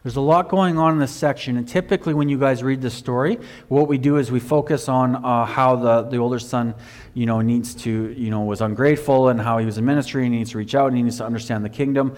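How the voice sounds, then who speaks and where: A man preaching a sermon, telling a Bible story with animated emphasis, swinging from loud to quiet. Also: fast talker, long reverb tail. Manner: animated storytelling, rising loud for emphasis then dropping low.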